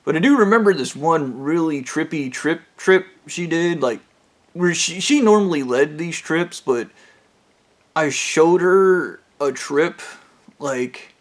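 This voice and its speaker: Speaking slowly in a fairly high, animated voice, a male vlogger rambles through a personal story. His delivery is casual and profane, packed with fillers.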